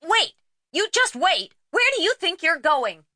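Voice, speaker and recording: A woman's voice: fairly high pitch, very animated, a little slow, bright, forceful tone, dry recording, studio quality, pitched above the performer's own voice, heavily acted. A woman voicing a stern, harried middle-aged woman caller who grows breathless and desperate.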